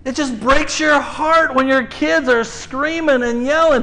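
A man preaching to his congregation, telling a lively story full of acted-out cries, then leading a slow, hushed prayer. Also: very high voice, creaky. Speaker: pastor. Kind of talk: sermon. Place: church sanctuary.

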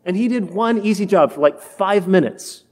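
Preacher, male, high-pitched, delivers a homily and acts out quoted complaints. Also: animated, moderate pace, darkish tone. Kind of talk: sermon.

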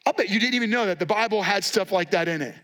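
A man preaching with a high, bright voice. He tells the story in an animated way and acts out the quotes with a sarcastic edge. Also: fast. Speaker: pastor. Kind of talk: sermon.

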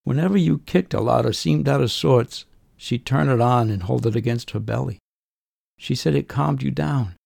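A man voicing a grieving elderly aunt who speaks gently and tearfully, in a spoken story. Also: medium pitch, normal speed, creaky, no echo, studio quality. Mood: tender.

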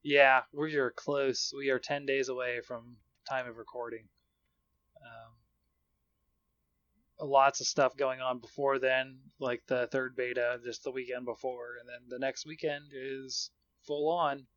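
A man's voice: mid-range voice, flat delivery, unhurried, a bit bright, no room sound. A man chats casually on a podcast, spinning long anecdotes and breaking into laughter along the way. His voice sits in a mid range and comes across dry, with a slightly muffled, lo-fi sound. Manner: chatty storytelling, laughs often. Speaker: podcast co-host. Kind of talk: casual chat.

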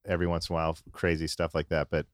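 A man chatting casually on a tour bus in a low-key, matter-of-fact way. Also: little pitch movement, very fast, no echo, studio quality. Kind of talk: casual chat.

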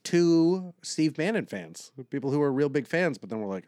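A man co-hosting a comedy podcast, delivering ironic jokes in a deadpan way. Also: fairly high pitch, moderate pace, hardly any pauses, dry recording, studio quality. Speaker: podcast co-host. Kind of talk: satirical comedy banter.

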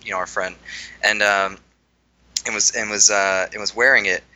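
A young adult man co-hosting a podcast, chatting about politics with many fillers and halting restarts. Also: on the low side, fairly even intonation, sharp tone, rough recording. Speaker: podcast co-host. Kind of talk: casual political chat.

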